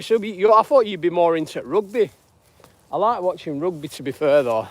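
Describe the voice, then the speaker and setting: A northern English man hosting a live stream, his voice sitting a bit high for a man and dry with little room sound. He rambles along in easy, friendly chat and greets viewers by name as he walks outdoors. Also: animated, brisk, no room sound. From northwest England. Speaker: live-streaming channel host. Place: outdoors on a dog walk.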